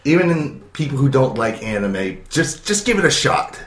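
A man co-hosting a casual podcast, giving a rambling, relaxed review of an anime. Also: medium pitch, moderate pace, roomy sound. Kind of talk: casual chat.

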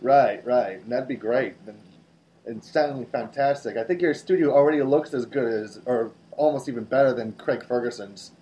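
A man in casual chat, agreeable and quick to affirm. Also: medium pitch, mellow, low-quality recording.

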